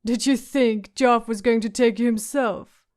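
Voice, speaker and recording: A woman doing a rasping, mocking scarred warrior. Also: a little high, steady tone, unhurried, darkish tone, close to an everyday voice. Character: scarred surly drunk male warrior.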